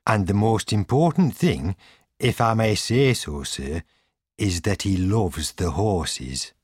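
A man's voice: fairly low pitch, lively intonation, slow, darkish tone, breathy edge, no room sound, studio quality, full character voice. A man reading an earnest, loyal coachman. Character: loyal, gentle male coachman.

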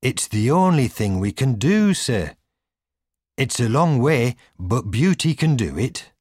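A loyal coachman speaks in an earnest, respectful way, as a man reads him. The voice is husky and moves a lot in pitch. It is a storybook reading on a dry recording. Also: very animated, measured pace, darkish tone, no room sound. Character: loyal, gentle male coachman.

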